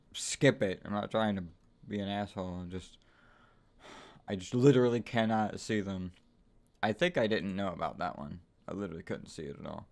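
A man giving let's-play commentary on a horror game, swearing constantly, trash-talking the game's characters and bursting into sudden yells of frustration. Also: fairly low pitch, gravelly. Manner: profane, frustrated outbursts and sudden yelling. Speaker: gaming YouTuber.

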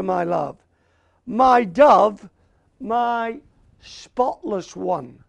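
Slow, gravelly preaching man. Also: sits high, no room sound. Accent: Australian. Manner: slow and emphatic, repeats key words, asks "Amen?". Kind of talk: sermon.

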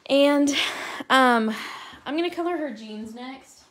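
A crafter colors live with her viewers, chatting casually and rambling while addressing them by name. Her voice is high-pitched and slow.

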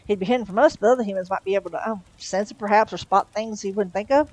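A woman's voice: mid-range voice, fast talker, darkish tone, no echo, close to an everyday voice. A woman voicing a fussy, polite male angel in a novel read aloud, with a hesitant, prim manner. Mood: earnest.

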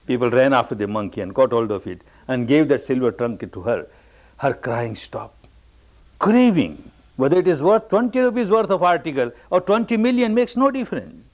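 A meditation teacher giving a discourse, telling a story with emphatic repetition, rising on stressed phrases and sinking to quiet endings. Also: male voice, sing-song, normal speed. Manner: swings between raised, stressed phrases and low, quiet endings.

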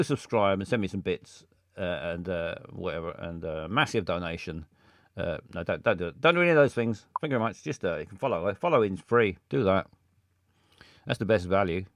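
Low, dry-voiced rambling male streamer. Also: fairly bright tone, dry recording. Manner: rambling and hesitant, many fillers. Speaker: streamer host. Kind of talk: casual live-stream chat.

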